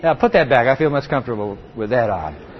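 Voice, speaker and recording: A man's voice: mid-range voice, big pitch swings, quick pace, slight background noise. A middle-aged male pastor preaching an impassioned sermon, often repeating words and restarting sentences. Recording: reverberant, dull lo-fi sound.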